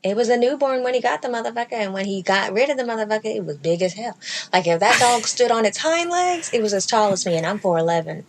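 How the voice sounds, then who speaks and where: A woman podcast host telling a comedic story in casual chat, profane and sassy, with animated delivery. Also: fairly high pitch, fast talker. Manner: profane, animated, sassy delivery with mocking baby-talk impressions.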